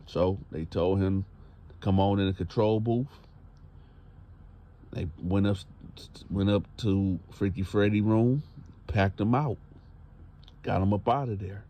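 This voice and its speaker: A man recounting a prison story in a relaxed, conversational way. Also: on the low side, measured pace, long pauses.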